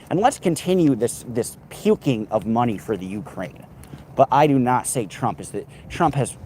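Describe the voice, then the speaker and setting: A rambling, sarcastic man chats to his live stream on a handheld phone as he walks down a city street. He swears freely and drifts between points. Steady traffic noise runs behind his voice. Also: mid-range voice, rough recording. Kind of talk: casual live stream chat. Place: outdoors on a city street, walking.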